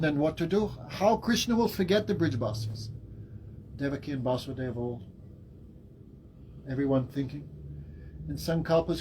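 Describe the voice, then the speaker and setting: Man, spiritual teacher, devotional class storytelling, somewhat high voice. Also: slight background noise, rough recording. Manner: animated storytelling with laughs and acted quotes.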